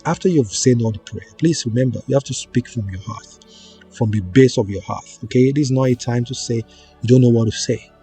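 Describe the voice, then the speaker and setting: A man slowly teaching viewers a prayer ritual, coaxing them along and often checking in with "okay?" and "right?". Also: mid-range voice. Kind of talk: slow instructional prayer teaching. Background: soft background music.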